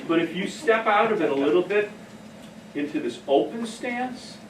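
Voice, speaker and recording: A man with a fairly high voice runs a training workshop, telling stories in a casual, self-mocking way. He is picked up from across an echoey room. A faint hum of room noise sits behind him. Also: animated, normal speed. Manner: casual, anecdotal, laughs at own stories. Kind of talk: workshop talk. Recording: echoey room, heard from a distance.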